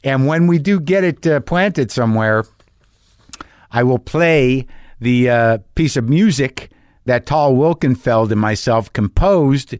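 A middle-aged man hosting his podcast, rambling through a casual monologue with halting restarts and sudden profane bursts of enthusiasm. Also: mid-range voice, lively intonation, a little mellow, no echo, clean studio sound. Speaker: podcast host.

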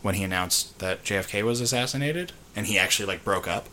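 A young man co-hosting a casual podcast, with a very low voice and a bright edge. He talks bluntly, swears casually and restarts his sentences. Faint background hiss runs under the voice. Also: fast. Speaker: podcast co-host. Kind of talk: casual chat.

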